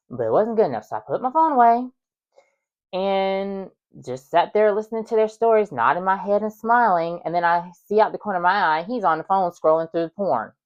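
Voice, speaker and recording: A woman's voice: fairly low pitch, animated, brisk, muffled recording. A woman host telling a personal story in a chatty way, full of fillers and exasperated asides. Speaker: podcast host.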